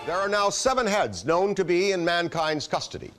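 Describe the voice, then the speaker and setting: A man narrates a promotional piece in a solemn, mystical tone. His pitch sits a little high and rises and falls with lively movement. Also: normal speed, faint music behind. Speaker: commercial spokesman.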